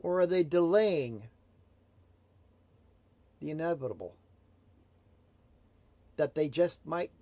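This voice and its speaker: A man giving a motivational livestream talk, emphatic and swinging between loud declarations and hushed asides. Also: on the high side, no room sound. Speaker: motivational speaker.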